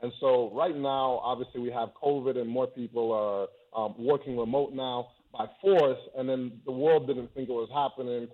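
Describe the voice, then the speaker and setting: A man born in England, a guest telling stories in a relaxed, soft-spoken way over a video call. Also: medium pitch, moderate pace. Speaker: interview guest, travel YouTuber. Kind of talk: casual remote interview. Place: high-rise home in a city. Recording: tinny phone-like call audio.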